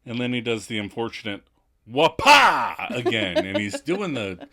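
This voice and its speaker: Animated podcast co-host recapping scenes. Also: mid-range voice, normal speed, a crowd in the background. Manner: animated, acts out quotes. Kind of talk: casual recap chat.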